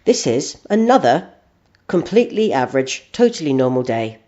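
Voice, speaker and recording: A man co-hosting a podcast plays along with a made-up story in a hesitant, dry way. He speaks at a middle pitch, with many pauses. The sound is dull and lo-fi. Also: very animated. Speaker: podcast co-host. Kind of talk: comic storytelling. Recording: dull lo-fi recording.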